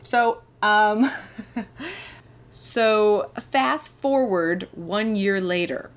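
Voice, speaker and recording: Slow-talking woman telling a story. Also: medium pitch. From Canada. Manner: candid, self-deprecating, animated. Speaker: podcast host. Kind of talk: comedic personal storytelling.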